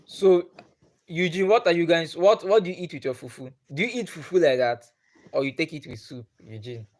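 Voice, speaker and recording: A man's voice: a little high, expressive, normal speed. A man with a Nigerian accent, chatting on a live stream and putting the same questions to his viewers again and again. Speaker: livestreamer.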